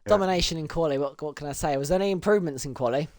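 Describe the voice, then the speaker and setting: A woman hosting and commentating a sim racing event, laughing often and straining her voice from shouting. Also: rapid-fire, dry recording, studio quality. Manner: excitable, laughs often, voice leaps high and loud in exciting moments. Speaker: race commentator and host.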